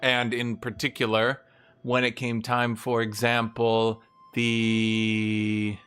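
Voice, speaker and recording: A man's voice: medium pitch, completely flat delivery, a bit bright, clean tone, faint music behind. Profane, opinionated male streamer. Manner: mimics historical nations in quick asides. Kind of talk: casual livestream rant while gaming.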